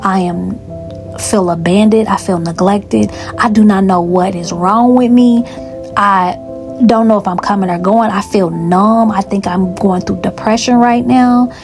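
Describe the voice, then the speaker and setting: A woman telling a personal story in a casual, animated way, acting out the dialogue and swearing freely. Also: mid-range voice, a little slow, soft background music.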